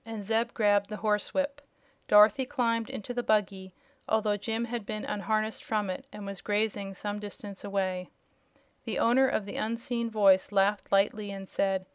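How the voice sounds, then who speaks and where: A woman narrating a children's storybook with steady, measured reading. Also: medium pitch, smooth, no echo. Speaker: audiobook narrator.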